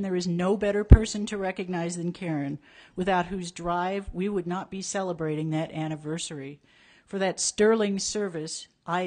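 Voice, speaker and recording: Woman president handing out an award, lowish voice, calm and earnest. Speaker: organization president presenting an award. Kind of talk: formal award presentation. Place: banquet hall stage.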